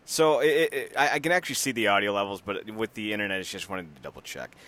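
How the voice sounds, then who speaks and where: A man's voice: lowish voice, fast. A man co-hosting a casual podcast, rambling and laughing as he talks. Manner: animated, rambling, laughs often, acts out voices. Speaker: podcast co-host.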